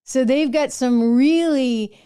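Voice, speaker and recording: A woman's voice: sits high, slow pace, mellow, clean tone. A middle-aged woman hosting a political commentary show, talking in a sarcastic, mocking way.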